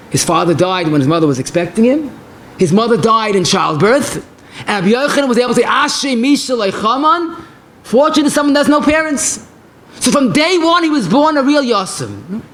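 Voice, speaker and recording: A man's voice: high voice, a little hiss or hum. A man giving a passionate Torah lecture as a rabbi, telling stories in mixed with Hebrew and phrases.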